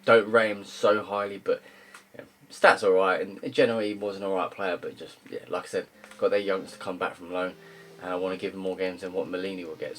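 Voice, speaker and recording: A young man giving casual, rambling commentary on his football game career, full of ums and uhs, with loud upbeat greetings. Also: low-pitched. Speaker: gaming YouTuber. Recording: faint guitar music behind.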